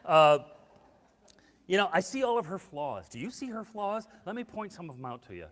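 A man preaching a sermon as pastor, telling stories with acted-out quotes and swinging between hushed and loud. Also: sits high, sing-song, moderate pace, in a large hall. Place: church sanctuary.

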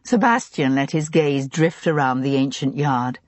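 A woman narrating an audiobook in a steady, even way. Her voice is low and a little husky. It sits close and dry on the mic. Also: moderate pace, no room sound.

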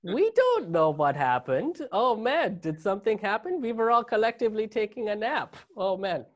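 A man's voice: sits high, sing-song, moderate pace, pitched above the performer's own voice. A man putting on a bad German accent. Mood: mock innocent. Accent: put-on German. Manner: over-the-top mock accent, feigned innocence. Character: mocking exaggerated German officials, male group.

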